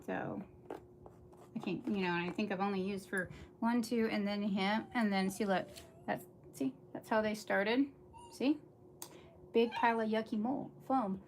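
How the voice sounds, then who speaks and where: A woman's voice: medium pitch, fairly even intonation, a little slow, slight background noise. A middle-aged woman chatting casually to viewers on a livestream while she crafts, rambling from one thought to the next.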